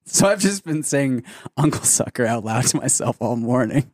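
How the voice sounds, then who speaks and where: A man's voice: mid-range voice, expressive, normal speed, a little mellow, dry recording, studio quality. A man co-hosting a casual comedy podcast, rambling with lots of fillers and amused by his own jokes. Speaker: podcast co-host. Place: Canadian studio show.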